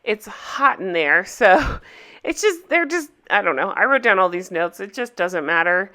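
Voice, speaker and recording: A woman hosting a casual recap, chatting in a gossipy, opinionated way with quick asides. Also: medium pitch, very animated, pushed and bright. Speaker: recap host.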